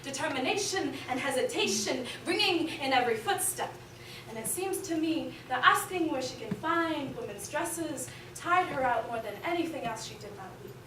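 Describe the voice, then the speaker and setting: A woman's voice: high voice, animated, moderate pace, recorded from a distance, background noise. A young woman performing spoken word poetry on stage, rhythmic and building to impassioned appeals. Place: performance hall. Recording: roomy hall recording from afar.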